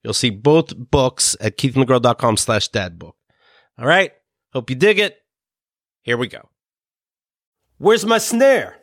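A man's voice: mid-range voice, expressive, unhurried, pauses often, a bit bright, dry recording, studio quality. A man reading his own book aloud in a sarcastic, ranting, profane way, throwing in asides to the listener.

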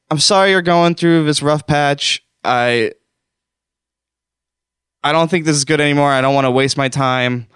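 A man's voice: mid-range voice, a bit bright, clear, resonant tone, no echo, clean studio sound. A man hosting a comedic call-in show, talking in a rambling, self-deprecating, mock-wounded way.

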